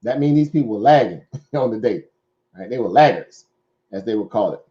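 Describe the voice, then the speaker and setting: A fairly low-pitched, expressive voice moving a little fast belongs to a Southern-accented man hosting a casual stock market talk, heard over dull audio. He rambles conversationally, with many fillers and "right?" tag questions.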